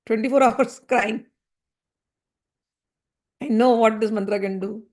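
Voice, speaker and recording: A woman giving a spiritual discourse, earnest and gently reassuring, repeating her points. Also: a little high, steady tone, a little slow. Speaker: spiritual teacher.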